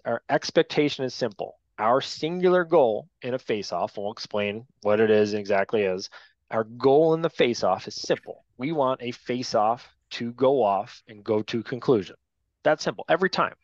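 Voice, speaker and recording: A man's voice: medium pitch, lively intonation, normal speed, dry recording. A man teaching a training class for new sports officials, direct and to the point, often tagging his points with "right?". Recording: dull lo-fi dry sound.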